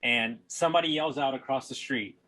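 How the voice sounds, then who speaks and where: A man hosting a podcast who tells stories with heavy swearing and lively emphasis. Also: mid-range voice, normal speed. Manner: profane and animated storyteller. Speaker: podcast host. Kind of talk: podcast conversation.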